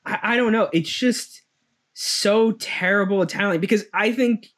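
A man co-hosting a casual movie-review chat, voice sitting a little high. He rambles, restarts and fills gaps with "like" and "um," laughing often between points. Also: normal speed, fairly bright tone. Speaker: podcast co-host.

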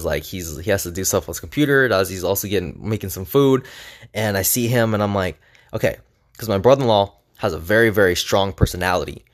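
A young man casually telling a rambling personal story to camera, full of "like" and restarts. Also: fairly low pitch. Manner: rambling, filler-heavy with frequent "like". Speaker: vlogger.

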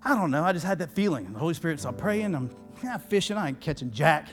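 A man's voice: fairly high pitch, lively intonation, fast, faint music behind. A male pastor preaching a sermon, telling a story in a folksy, emotional way with many restarts. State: tearful. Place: church.

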